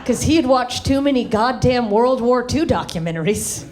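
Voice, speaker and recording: A woman performing a high-energy stand-up comedy set on stage, acting out voices and shouting her punchlines. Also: expressive, moderate pace. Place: comedy stage in front of a live audience. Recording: live stage recording with crowd. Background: audience laughter.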